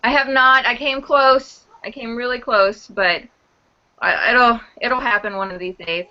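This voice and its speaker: Bright-voiced enthusiastic woman guest. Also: a little high, fairly even intonation, unhurried, muffled recording. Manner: knowledgeable, enthusiastic film buff. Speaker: podcast guest, cosplayer. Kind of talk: casual chat.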